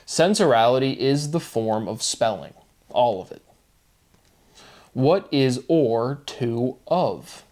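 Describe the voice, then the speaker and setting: A man alone, talking through wordplay in a slow, questioning musing monologue. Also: mid-range voice, animated, a little mellow. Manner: slow, questioning, breaks into laughter. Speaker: solo video host. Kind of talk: musing monologue on word forms.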